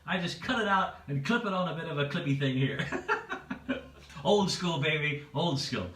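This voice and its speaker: A man's voice: on the high side, lively intonation, normal speed, fairly bright tone, recorded from a distance. A man hosting a livestreamed pub quiz from home, chatty and playful, reading out each set of options twice. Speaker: quiz host. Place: room at home. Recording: echoey room, away from the mic.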